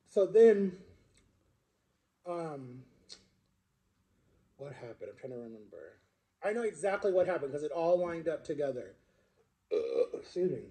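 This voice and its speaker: A man's voice: fairly high pitch, very animated, a little slow, long pauses, dark tone. A young adult man telling a long personal story in a casual, rambling way, full of fillers and restarts. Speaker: social media creator.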